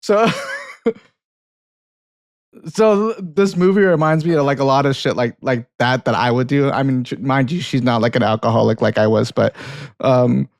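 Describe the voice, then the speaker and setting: A young man with a medium-pitched voice, level tone and vocal fry talks fairly quickly in echo-free, studio-quality sound. He co-hosts a relaxed film podcast, rambling through anecdotes and movie talk while laughing often, swearing freely and restarting sentences.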